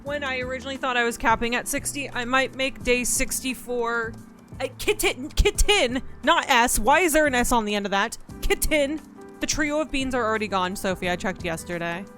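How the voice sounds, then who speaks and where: Playful woman streamer, higher voice. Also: moderate pace, a bit bright, soft background music. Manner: chatty and playful, thanking donors. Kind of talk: casual live-stream chat.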